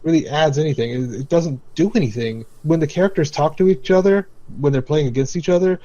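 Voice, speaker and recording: A man's voice: a little high, a little fast, dark tone, dull audio. A man co-hosting a casual podcast, building long, critical arguments. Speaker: podcast co-host.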